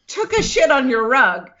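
A woman co-hosting a casual podcast, teasing the others with quick jokes and some swearing. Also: high voice, big pitch swings, bright, forceful tone. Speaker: podcast co-host. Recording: dull lo-fi podcast audio.

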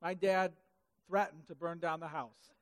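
High-voiced preacher guy, super animated, acts out characters with goofy voices, long hall echo. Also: unhurried. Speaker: pastor. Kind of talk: sermon. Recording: hall reverb.

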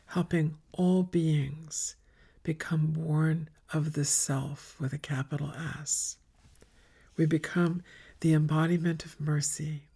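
A woman leads a meditative spiritual retreat talk, speaking very slowly with a gravelly, husky edge. She often sinks into a near whisper and lets phrases pile up in long, chant-like lists. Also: sits low. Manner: soft, often dropping to a whisper, incantatory lists.

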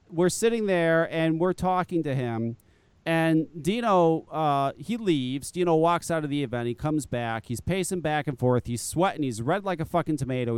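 Male podcast host, animated profane storyteller, high lively voice. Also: clean tone, dry recording. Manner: animated, profane, laughs often. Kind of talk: casual storytelling chat.

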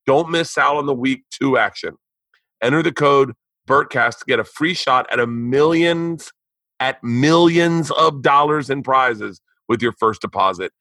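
A man's voice: mid-range voice, unhurried, bright, forceful tone, dry recording. A man hosting a podcast, reading ads and chatting casually, loose and profane with stumbling restarts. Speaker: podcast host. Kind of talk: casual chat and read ads.

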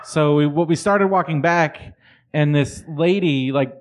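Laid-back man, slightly high voice. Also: unhurried. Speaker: podcast co-host. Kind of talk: casual chat.

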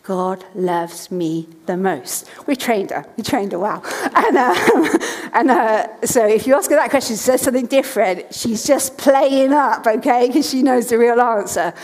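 Woman, 30s, preacher on a church stage; slightly high voice, chatty then earnest and repetitive, hall reverb. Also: lively intonation, moderate pace, a little mellow. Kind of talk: sermon.

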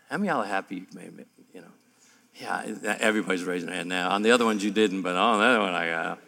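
A man preaching a sermon to a room of men, emphatic and humorous, and his voice climbs higher and louder as he builds. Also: clear, resonant tone. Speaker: pastor. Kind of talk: sermon at a men's breakfast. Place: large room before an audience. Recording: live hall with long reverb.

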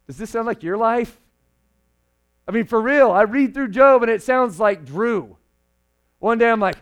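A young man preaching a sermon to a room, moving between loud, emphatic lines and quiet, hushed ones. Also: high-pitched, fairly quick.

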